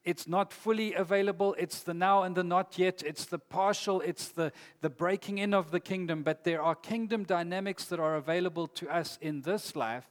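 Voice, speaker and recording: A man's voice: high voice, fairly even intonation, moderate pace, few pauses. A man preaching a sermon in an earnest, emphatic way, reading scripture aloud. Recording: long hall reverb.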